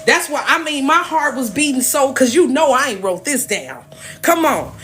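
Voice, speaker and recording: A woman's voice: sits high, lively intonation, normal speed, background noise. A woman hosting a live stream, talking earnestly and emotionally, preaching and repeating herself as she speaks to her viewers. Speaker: TikTok live host sharing a spiritual message. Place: at home, moving around indoors. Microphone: phone.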